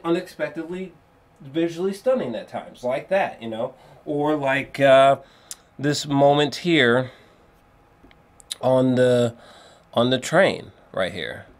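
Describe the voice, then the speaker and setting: A man giving a casual spoken film review, rambling and excitable, with lots of fillers and restarts and free swearing. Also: medium pitch, slow, long pauses. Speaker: movie reviewer.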